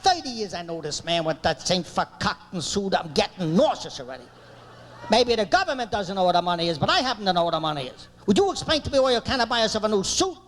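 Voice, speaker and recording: A man voicing a shrill, fed-up middle-aged wife who scolds her husband. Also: big pitch swings, a bit bright, a little hiss or hum. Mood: scolding. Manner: shrill, scolding, rapid complaints.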